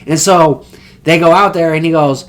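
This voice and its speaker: A young man casually recapping an anime episode, rambling and excited, with slang and swearing. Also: fairly high pitch, moderate pace. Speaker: anime reviewer.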